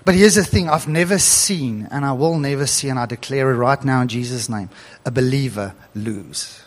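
A middle-aged man preaching a sermon in a church hall, animated and chuckling as he reads scripture aloud. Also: medium pitch, normal speed. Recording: long hall reverb.

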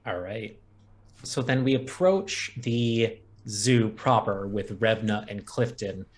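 A man's voice: lowish voice, slow pace. A man acting as game master, setting scenes in an easygoing, descriptive way. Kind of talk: narrating a tabletop game.

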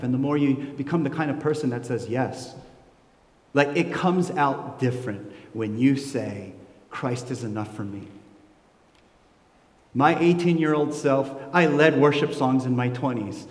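A man in his forties preaches in a large church hall, his voice ringing out with a long, roomy reverb. He moves between hushed, low asides and loud, high emotional peaks, in a middle-pitched voice. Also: normal speed. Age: 40s. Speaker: pastor. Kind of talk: sermon.

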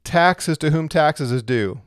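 A man's voice: on the high side, animated, takes it slowly, dry recording, clean studio sound. A man preaching a sermon, earnest and emphatic, often repeating his phrases as he presses a point.

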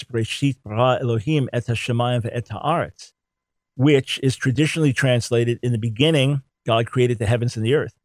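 A man's voice: mid-range voice, no room sound. A man giving an emphatic theology teaching talk, repeating words to drive points home. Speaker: Bible teacher.

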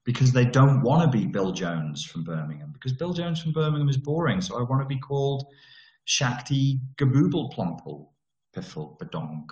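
A man's voice: mid-range voice, expressive, a little fast, few pauses, darkish tone, lo-fi sound. Blunt, sweary man ranting. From Merseyside, England. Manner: sweary, blunt, sarcastic, drops into mocking voices. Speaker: vlogger. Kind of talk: ranting monologue. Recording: roomy echo.

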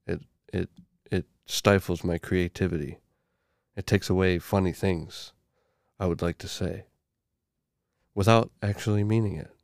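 Profane, slow-talking male podcast host. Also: low-pitched, steady tone, vocal fry, darkish tone, dry recording, studio quality. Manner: profane, irreverent, joking. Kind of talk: crude comedic monologue.

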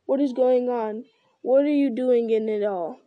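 A woman reading aloud and voicing an ancient, slow-spoken male tree giant who muses with hums and never hurries. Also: on the high side, no echo, phone-quality sound, lightly acted. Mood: musing. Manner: slow, deliberate, musing with hums. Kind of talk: reading a fantasy novel aloud.

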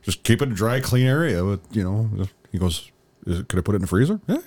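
A man's voice: animated, fast, darkish tone, no echo. A man co-hosting a casual chat, rambling through stories and acting out other people's lines in a raised voice. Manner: rambling storyteller, acts out quotes in a high voice. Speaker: podcast co-host.

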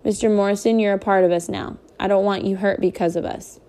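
A woman reads as a worried, caring mother, gentle and concerned. Her voice is mellow and even. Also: mid-range voice, brisk, natural voice.

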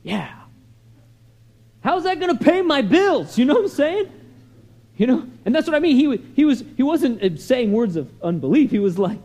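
A man preaching with a high, mellow voice that leaps around in pitch. He tells stories in a chatty way, full of asides, then rises into loud, emphatic lines. A lively, animated delivery. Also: fairly quick. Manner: conversational storytelling with many "you know" and "right?" asides. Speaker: pastor. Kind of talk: sermon.

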